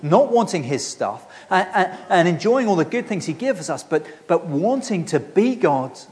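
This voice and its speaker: A man delivers a sermon in an earnest, conversational tone. His voice sits high for a man, and he often restarts his phrases as he talks. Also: sing-song, normal speed, a little mellow. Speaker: preacher.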